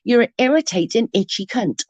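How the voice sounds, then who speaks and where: A woman's voice: on the high side, expressive, a little fast, dry recording, muffled recording. A woman, ranting bluntly and mockingly as an online commentator, full of profanity. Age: 30s. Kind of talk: ranting live-stream chat.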